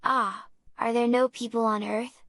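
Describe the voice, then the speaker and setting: A woman voicing a gentle, curious little boy prince in a storybook reading, speaking in earnest, simple questions. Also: fairly high pitch, flat delivery, measured pace, no room sound, clean studio sound. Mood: wondering.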